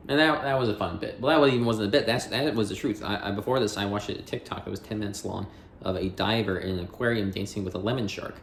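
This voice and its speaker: A man's voice: lowish voice, fast talker, roomy sound, a little hiss or hum. A man hosting a dictionary audiobook, chatting in a rambling, jokey way with self-interruptions, then reading entries aloud.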